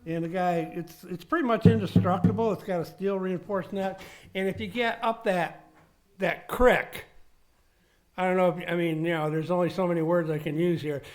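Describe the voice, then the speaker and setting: A man at an open mic jam telling a halting, rambling tall tale between songs, repeating words as he goes. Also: sits high, fairly even intonation. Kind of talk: rambling stage banter.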